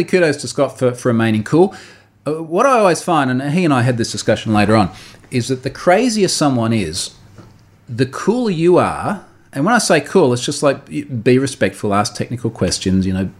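A man's voice: mid-range voice, expressive, moderate pace. A man, a podcast host animatedly recounting a story in casual chat, often repeating words and laughing.

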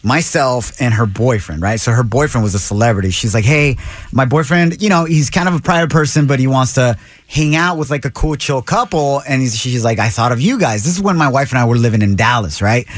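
A man's voice: mid-range voice, expressive, a little fast, dry recording. A man hosting a morning radio show, telling stories in a laid-back, slangy way. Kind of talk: casual morning radio banter. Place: radio studio.

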